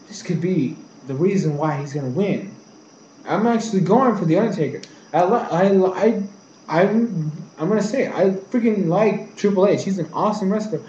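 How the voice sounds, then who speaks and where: A man's voice: a little high, animated, moderate pace, darkish tone. A young man casually recapping events and giving his predictions, retelling scenes and quoting characters in his own voice. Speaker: vlogger. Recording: echoey room, faint background noise.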